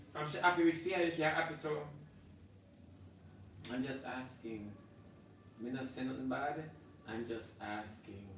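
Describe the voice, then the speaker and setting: Ranting Jamaican man in an echoey room. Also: recorded from a distance. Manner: loud ranting in Jamaican Patois, swinging between shouting and low muttering. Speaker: live stream host. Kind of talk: animated live-stream rant. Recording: very echoey room, voice off-mic, faint background hum.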